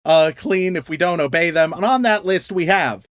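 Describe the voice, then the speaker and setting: A man's voice: high voice, normal speed, fairly bright tone. A young man co-hosting a podcast, reading out a list of names in a casual, laughing, stumbling way. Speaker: podcast co-host.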